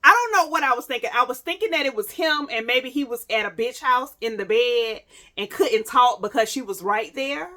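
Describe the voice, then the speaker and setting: Bright-voiced woman telling a profane story. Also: on the high side. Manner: profane, animated, repeats phrases for emphasis; addresses listeners directly, dramatic pauses. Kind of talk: casual storytime monologue to viewers.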